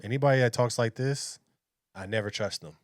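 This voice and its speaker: A man's voice: mid-range voice, brisk, no echo, clean studio sound. A man hosting his own reaction channel, giving blunt, opinionated commentary and often repeating himself. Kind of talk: casual commentary.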